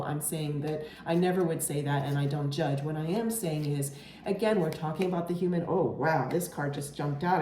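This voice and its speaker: A woman's voice: deep voice, warm tone, reverberant, slight background noise. A woman giving an earnest, reassuring tarot reading, often checking in with "okay?" and getting emotional at times. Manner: emotional, near tears at moments. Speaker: tarot reader.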